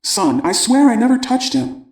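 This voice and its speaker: A man's voice: very high voice, big pitch swings, normal speed, darkish tone, roomy sound, far from the mic, pitched above the performer's own voice, exaggerated voice. A man voicing an upset young boy who is angry at a bully, read in an audiobook.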